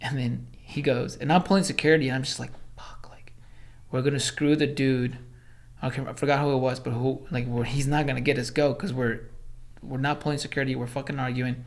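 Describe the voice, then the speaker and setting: A man from Los Angeles, a former Army Ranger, telling stories as a podcast guest, animated, swearing, acting out quotes. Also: medium pitch, fast talker. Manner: animated storyteller, acts out quotes, swears, many fillers. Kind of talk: casual storytelling in interview.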